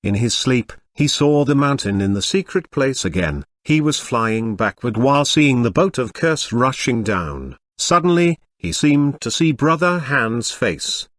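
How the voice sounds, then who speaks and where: A text-to-speech male voice narrating a web novel audiobook in an even, synthetic reading. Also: medium pitch, unhurried, hardly any pauses, no echo, studio quality.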